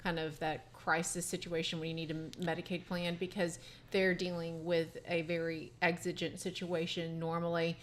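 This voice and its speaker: A woman lawyer on a podcast, speaking in casual conversation, pausing with ums as she thinks. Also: lowish voice, little pitch movement, a little hiss or hum. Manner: thoughtful, frequent ums and restarts. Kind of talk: casual professional chat.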